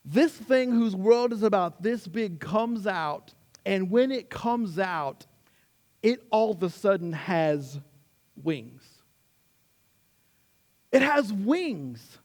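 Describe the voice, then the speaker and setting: A man preaching as a pastor, animated in his storytelling, acting out quotes with sudden rises and then slowing and dropping low on key words. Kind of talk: sermon.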